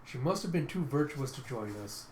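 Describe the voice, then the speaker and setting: A man's voice: mid-range voice, expressive, normal speed, a little hiss or hum, lightly acted. A man voicing a cruel, smug male cyborg villain who speaks in old-fashioned thou and thee. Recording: echoey room.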